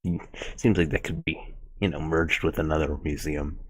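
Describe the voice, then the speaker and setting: A man chimes into a casual chat with wry, skeptical teasing. His voice sits low and relaxed, and his remarks come across dry and mocking. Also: moderate pace, slightly rough, poor audio. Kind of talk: casual banter.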